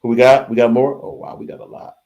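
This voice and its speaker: Male stream host, casual and lively, reads viewer comments aloud, repeats phrases, mid-pitched voice. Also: quick pace, vocal fry, lo-fi sound. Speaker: livestream host reading chat. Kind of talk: casual live reaction stream.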